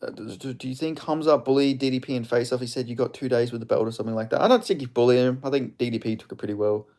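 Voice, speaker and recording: A man's voice: medium pitch, racing, a little mellow. A man hosting a casual live stream, rambling as he answers chat questions about fighters.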